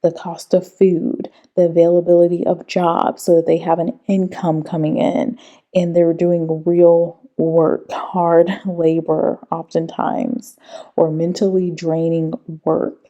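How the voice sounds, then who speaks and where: A woman hosting a commentary video, talking through clips in a measured, reasoning way with some hesitations. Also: on the low side, flat delivery, mellow, highs cut off. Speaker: commentary host. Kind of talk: casual commentary.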